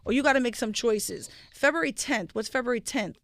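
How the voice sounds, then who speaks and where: A woman guest on a radio show, talking in a streetwise, slangy, animated way about her work as a psychic medium. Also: fairly high pitch, brisk. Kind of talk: casual radio chat. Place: radio studio.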